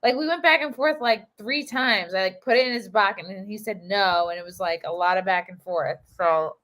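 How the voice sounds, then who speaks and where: A woman's voice: mid-range voice, moderate pace, fairly bright tone. A woman hosting a livestream, a stand-up comedian telling her road stories in a chatty, joking way. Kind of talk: casual livestream chat.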